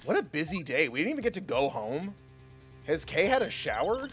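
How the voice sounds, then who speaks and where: Animated, joking male game streamer. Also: on the high side, a little fast, faint music behind. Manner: joking, chatty, self-mocking. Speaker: gaming streamer. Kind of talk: live game-stream commentary.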